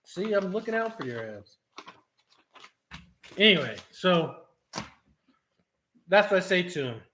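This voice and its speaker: A man's voice: high voice, takes it slowly. A middle-aged man casually telling a heated story for his vlog, swearing often and acting out the dialogue. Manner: profane, animated retelling with quoted dialogue. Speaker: trucking vlogger.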